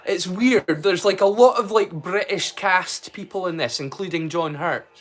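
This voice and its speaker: Chatty Scottish man, slightly high voice. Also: measured pace, a bit bright. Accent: Scottish, mixed and borrowed. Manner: rambling and chatty, answers his chat directly. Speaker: live-stream host. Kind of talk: casual live-stream watch-along chat.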